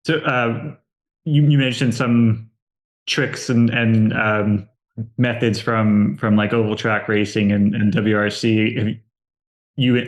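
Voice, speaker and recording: A man hosting a podcast, asking casual interview questions in a halting way, often restarting his words. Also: lowish voice, poor audio. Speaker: podcast host.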